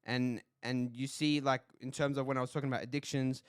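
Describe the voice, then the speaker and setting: A man's voice: medium pitch, flat delivery, fairly quick, smooth, no room sound, clean studio sound. A young man hosting a casual podcast, upbeat and easygoing, talking with lots of fillers. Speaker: podcast host.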